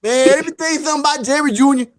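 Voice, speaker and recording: A man hosting a podcast in casual banter, an animated storyteller who laughs often and repeats his words. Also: extremely high pitch, very fast, no room sound, studio quality. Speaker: podcast host.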